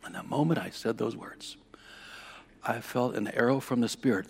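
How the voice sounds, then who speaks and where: A man preaching a sermon, telling a personal story with strong emotion, dropping to a hush and rising to loud declarations. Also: mid-range voice, moderate pace, vocal fry, husky, long reverb tail. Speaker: pastor.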